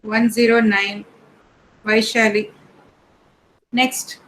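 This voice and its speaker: A woman teacher, calling the roll in an online class in a brisk, matter-of-fact way. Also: fairly high pitch, little pitch movement, noisy background. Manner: reads names one by one in a brisk, matter-of-fact way.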